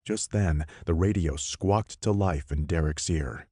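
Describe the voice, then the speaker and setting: Deep, unhurried male audiobook narrator. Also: no room sound, clean studio sound. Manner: measured, expressive storytelling. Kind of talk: scripted narration.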